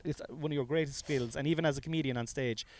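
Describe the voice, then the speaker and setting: A man's voice: medium pitch, steady tone, fast, darkish tone. A man hosting a casual comedy podcast, rambling with fillers and chuckles while running an improv game. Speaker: podcast host.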